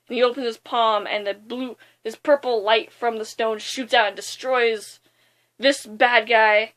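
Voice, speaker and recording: A young woman casually retelling a movie's plot in a rambling, excitable way, with lots of fillers. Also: fairly high pitch, a little slow. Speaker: movie reviewer.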